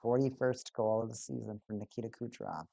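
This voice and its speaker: Excitable streamer calling hockey, dry sound. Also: medium pitch, fairly quick, vocal fry, dry recording, lo-fi sound. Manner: excitable play-by-play, repeats stats aloud. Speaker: watch-party streamer. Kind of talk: casual live hockey commentary. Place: home streaming setup.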